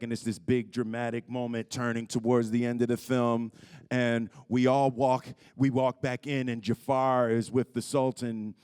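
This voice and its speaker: Smooth-voiced man telling stories. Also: medium pitch. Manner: animated storyteller, often laughing. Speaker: film actor on a press panel. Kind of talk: casual press-conference anecdote. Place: press conference hall.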